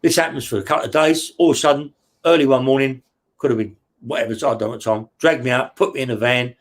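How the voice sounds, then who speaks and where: A man's voice: mid-range voice, fast. A man, a guest in an interview, telling a crime story in a blunt, profane, rambling way and checking in with "yeah?" after almost every line. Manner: rambling and vivid, full of restarts and sound words. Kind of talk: casual true-crime storytelling.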